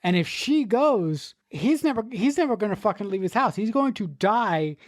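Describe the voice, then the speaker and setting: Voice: medium pitch, animated, moderate pace, dry recording, clean studio sound. A podcast co-host casually discussing a film, rambling, restarting sentences and swearing.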